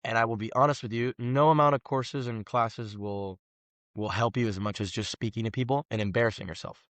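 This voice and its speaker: A man, a guest telling animated, slangy stories on a casual podcast. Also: mid-range voice, brisk, dry recording. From Los Angeles, USA. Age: 20s. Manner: animated storyteller, slangy, says "bro" often.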